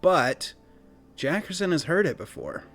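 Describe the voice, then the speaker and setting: A man running a tabletop game as game master, narrating scenes in a relaxed, descriptive way with casual fillers. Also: a little high, measured pace, creaky, soft background music.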